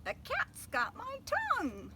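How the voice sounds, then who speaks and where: A woman voicing frantic little storybook mice crying for help in shrill squeaks. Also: huge pitch swings, unhurried, vocal fry, heavy background noise, heavily acted. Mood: panicked.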